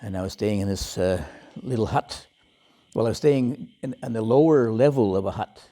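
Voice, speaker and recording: A man who is a Buddhist monk, giving a relaxed dharma talk and telling stories with frequent chuckles and fillers. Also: lowish voice, normal speed. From Western, lived in Thailand as a layman. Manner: relaxed storytelling, chuckles often, many fillers.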